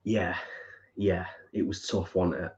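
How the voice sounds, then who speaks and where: A man's voice: low-pitched, flat delivery, unhurried, darkish tone. A man co-hosting a live stream, chatting casually and reading out viewer comments. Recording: dull lo-fi stream audio.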